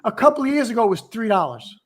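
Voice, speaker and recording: A man in his sixties hosts a casual podcast chat with a rather high-pitched voice. He rambles through stories, restarting sentences and dropping asides as he goes. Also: big pitch swings, racing. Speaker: podcast host.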